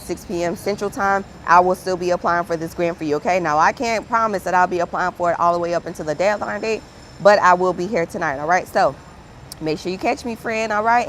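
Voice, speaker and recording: On her livestream, a grant writer chats casually with viewers, staying upbeat and encouraging and addressing them as "friend." Her voice sits on the low side, with slight hiss or hum.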